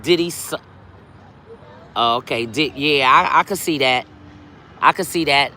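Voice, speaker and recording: A woman's voice: very deep voice, unhurried, sharp tone, slight background noise. A middle-aged woman hosting a casual live stream outdoors, chatting straight to her viewers. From New York. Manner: chatty, talks straight to viewers with lots of y'all. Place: outdoors on a city street.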